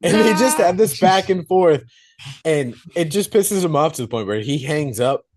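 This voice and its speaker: A man co-hosting a podcast, casually retelling a movie plot in animated detail and swearing freely. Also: on the high side, moderate pace. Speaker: podcast co-host reviewing a film.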